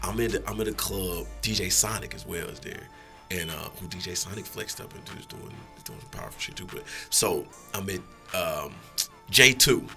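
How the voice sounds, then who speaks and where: A man's voice: deep voice, moderate pace, vocal fry, pushed and bright, soft background music. A middle-aged man, telling a story casually as a guest, swearing freely and acting out quotes.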